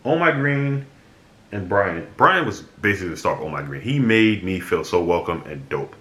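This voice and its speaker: A young man with a low, bright-edged voice spins a casual story for his viewers. He talks bluntly and with energy, and swears freely. The sound bounces around an echoey room. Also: expressive, moderate pace. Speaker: vlogger.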